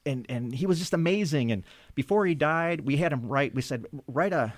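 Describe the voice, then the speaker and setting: A man, a guest filmmaker, telling animated stories in conversation, acting out the voices of the people he quotes and laughing often. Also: on the high side, moderate pace, dry recording, clean studio sound. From Michigan.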